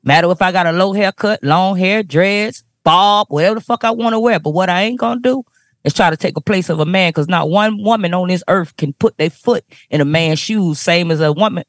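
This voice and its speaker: A woman's voice: lowish voice, no room sound, studio quality. A woman from Florida on a podcast panel, speaking bluntly and emphatically with heavy profanity. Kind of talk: heated podcast discussion.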